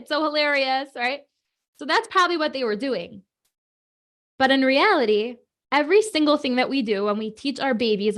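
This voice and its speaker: A woman in her thirties, hosting a children's prayer program on a video call, chatty and animated with many fillers and asides. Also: a little high. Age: 30s. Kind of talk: lively talk to kids on a video call.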